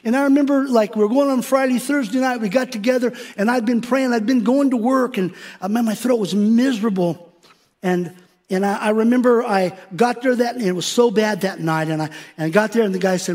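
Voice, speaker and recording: High-voiced preaching man, animated. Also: fairly quick. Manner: animated, acts out quoted voices, rambling restarts. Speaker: pastor. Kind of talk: sermon.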